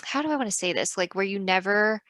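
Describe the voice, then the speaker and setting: A woman in her thirties co-hosts a faith podcast in a casual, chatty way. Her voice is bright and forward, and the recording is close and dry. She tells stories with animated energy, slipping into quoted voices and laughing. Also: mid-range voice, fast, no echo. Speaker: podcast co-host.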